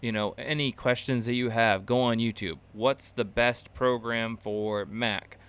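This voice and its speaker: A man's voice: mid-range voice, fairly even intonation, measured pace, a bit bright, clean tone. A man hosting a casual live-stream class for video creators, rambling loosely with lots of fillers and restarts, chuckling at his own asides. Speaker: channel host teaching a creator class.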